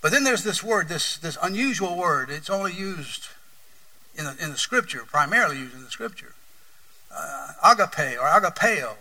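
A preacher with an East Tennessee accent delivers an earnest sermon, his volume swelling and falling. His voice is very bright and a touch high. He sounds set back from the microphone in a church room. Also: animated, moderate pace, distant mic, rough recording. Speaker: pastor.

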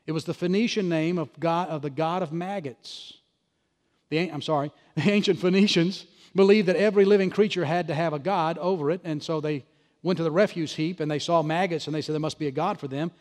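A high-voiced male pastor preaches in a big church sanctuary, his words trailing off into a long hall reverb. He delivers his sermon with animated, punchy energy and drops sarcastic asides. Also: fairly quick.

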